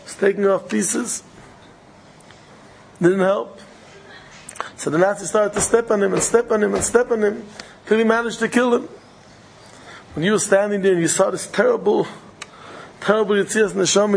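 A man's voice: high-pitched, steady tone, normal speed, gravelly, pauses often, slight background noise, rough recording. A man delivering an impassioned storytelling sermon, repeating phrases for dramatic weight. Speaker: preacher.

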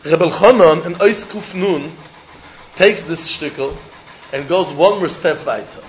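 A man teaching a Talmud lesson in an animated, sing-song study cadence, often laughing as he argues. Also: fairly high pitch, a little slow, muffled recording, slight background noise.

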